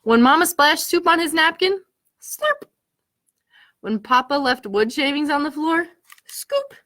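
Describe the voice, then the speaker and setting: A woman, a children's librarian, reading picture books aloud to children with an animated, questioning storytime manner. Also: sits high, a little slow. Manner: animated, asks listeners questions, gasps at the story.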